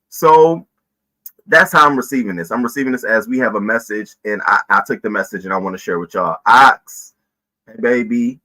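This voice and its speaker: A man's voice: medium pitch, fairly quick, pushed and bright, poor audio. A man hosting a casual livestream news commentary, chatting loosely, greeting viewers by name and often repeating himself. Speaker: host of a live news commentary stream.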